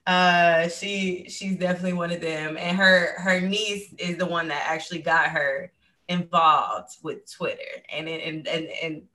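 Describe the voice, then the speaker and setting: A woman co-hosting a podcast in casual chat with speech, animated and quick to laugh. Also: fairly low pitch. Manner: chatty, animated, laughing easily, casual slang. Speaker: podcast co-host.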